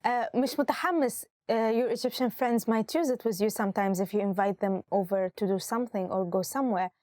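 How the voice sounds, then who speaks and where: A woman's voice: medium pitch, fast talker, a little mellow, no echo, studio quality. A woman hosting a vocabulary lesson in an upbeat, instructive way. She says each word, repeats it, and gives its translation, switching between Arabic and English. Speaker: language teacher and host.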